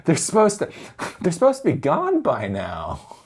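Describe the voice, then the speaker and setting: Rambling man with a lively voice. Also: fairly high pitch, unhurried, long pauses, husky. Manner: rambling, laughs often, swears. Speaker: tech commentator. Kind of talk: casual commentary vlog.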